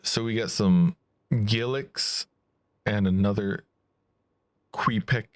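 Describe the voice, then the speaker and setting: A man with a very low voice chats unhurriedly through a gameplay stream. He muses aloud as he reads the game's text, and the sound is dry and close. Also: slow pace, no echo. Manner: musing aloud while reading game text. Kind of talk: casual gameplay commentary.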